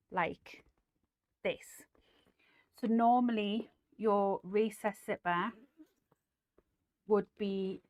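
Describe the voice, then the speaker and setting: A middle-aged woman hosting a casual sewing livestream, chatty and rambling, with lots of ums and likes as she demonstrates and answers viewers. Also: mid-range voice. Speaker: host.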